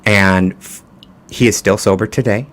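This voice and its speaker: A man's voice: on the low side, normal speed, a little hiss or hum. A man appearing as a podcast guest, speaking casually and reflectively. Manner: relaxed, reflective, with many fillers and restarts. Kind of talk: casual conversational storytelling.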